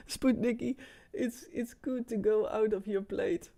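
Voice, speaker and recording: A woman's voice: on the high side, fairly even intonation, takes it slowly, creaky, dark tone, no room sound. A woman hosting an emotional live-stream monologue, shaken and insistent, often repeating herself.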